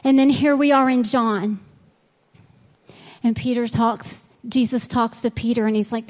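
A woman's voice: a little high, steady tone, unhurried, long pauses, big-room sound. A woman preaching a sermon in a church, reading scripture and praying, earnest and conversational. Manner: earnest and conversational, acting out quoted dialogue. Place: church sanctuary.

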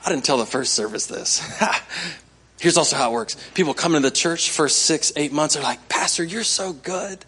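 High-voiced male pastor preaching. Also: moderate pace, sharp tone, husky. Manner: conversational, coaxing the congregation to respond. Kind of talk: sermon.

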